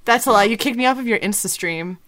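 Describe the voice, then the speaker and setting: A woman's voice: medium pitch, quick pace, crowd noise. A young woman co-hosting a movie podcast, chatting casually in a playful, mock-dramatic way. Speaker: podcast co-host. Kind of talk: casual chat.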